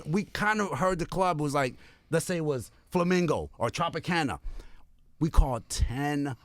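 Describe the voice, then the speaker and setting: An older man tells a story in a casual interview, slipping into the voices of the people in it. His voice sits on the higher side, and the sound is dry and close, with almost no room around it. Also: dry recording. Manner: acts out voices in the story, fast and lively. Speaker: rapper telling a story.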